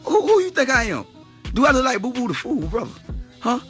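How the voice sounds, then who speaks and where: A man's voice: very high voice, huge pitch swings, brisk, a bit bright. A man playing a barbershop customer in a comedy sketch, arguing indignantly and with animation. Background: music.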